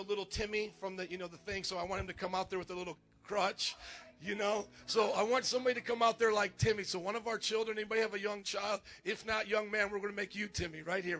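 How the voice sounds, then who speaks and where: High, bright-voiced pastor calling out to a congregation. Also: male voice. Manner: animated, joking, calls out to the congregation. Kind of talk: energetic church announcements. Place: church sanctuary.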